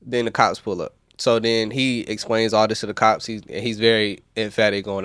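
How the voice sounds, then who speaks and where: Southern guy rambling thru a podcast recap, lowish voice, dry close sound. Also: moderate pace, hardly any pauses, a bit bright, no echo. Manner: loose, rambling, self-correcting. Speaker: podcast host. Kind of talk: casual commentary.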